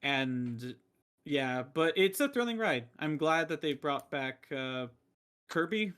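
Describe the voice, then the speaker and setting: A man's voice: on the high side, lively intonation, slow pace, a bit bright, smooth. A man co-hosting a podcast in casual chat, hesitant and full of fillers like "like" and "um". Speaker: podcast co-host.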